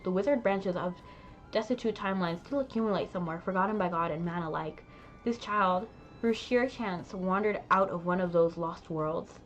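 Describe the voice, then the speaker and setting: A woman voicing a solemn, ancient divine female spirit in a game, speaking in slow, grave, formal proclamations. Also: fairly low pitch, highs cut off, natural voice. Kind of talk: reading game dialogue aloud.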